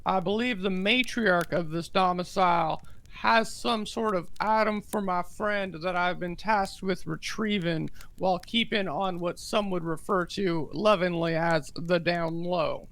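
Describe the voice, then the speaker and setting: A woman's voice: fairly low pitch, unhurried, hardly any pauses, fairly bright tone. A woman playing a pompous, long-winded disguised adventurer. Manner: long-winded, overly formal.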